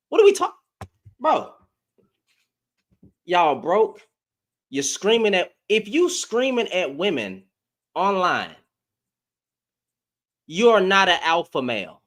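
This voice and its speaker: A man ranting in a casual, slangy reaction commentary, heated with loud bursts. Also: sits high.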